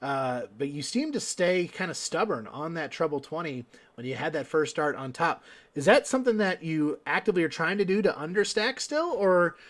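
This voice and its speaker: A man's voice: on the high side, sing-song, moderate pace, fairly bright tone. A man hosting an online darts league broadcast, interviewing players after their matches in a loose, casual way. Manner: casual, rambling questions with fillers. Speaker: host and commentator.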